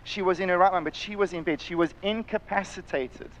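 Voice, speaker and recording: Prediger, Mann mittleren Alters, südafrikanischer Akzent, recht hohe Stimme, leidenschaftliche Predigt. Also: male voice, high-pitched, a little fast, low-quality recording. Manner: impassioned, acts out voices in the story, drops to quiet intensity. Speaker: pastor. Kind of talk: sermon. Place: church, live-streamed service.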